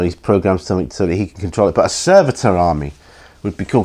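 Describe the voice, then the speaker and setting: Male host, deep voice, worn out, loose and hesitant casual chat. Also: a little mellow. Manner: rambling, hesitant, full of ums. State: tired, yawning. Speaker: hobby channel host answering viewer questions.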